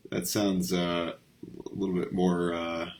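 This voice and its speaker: A man hosting a casual stream discussion, talking haltingly with lots of fillers and restarts. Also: low voice, monotone, darkish tone.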